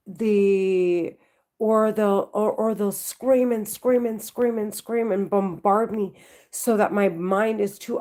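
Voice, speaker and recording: A woman talking to the camera at home, halting and repetitive, often restarting her sentences. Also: mid-range voice. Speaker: vlogger.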